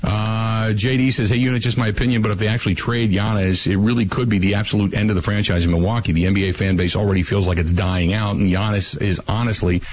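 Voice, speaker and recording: A blunt, wry man hosts a casual call-in radio show. His voice sits a little low, and he reads listener messages aloud between his own opinions. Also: steady tone, fast, few pauses, a little hiss or hum, low-quality recording. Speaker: radio talk show host.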